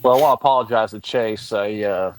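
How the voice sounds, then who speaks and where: A man's voice: fairly low pitch, a little fast, slight background noise, rough recording. A man guest telling easygoing, self-deprecating stories about his past vehicles in a casual chat over a video call. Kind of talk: casual storytelling. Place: home garage area.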